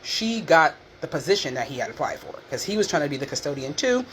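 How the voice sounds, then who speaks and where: Woman from norcal ranting fast to her viewers, cussing a lot, faint background hum. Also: low voice. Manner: candid, profane, animated retelling with quoted voices. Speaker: vlogger. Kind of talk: casual storytelling chat.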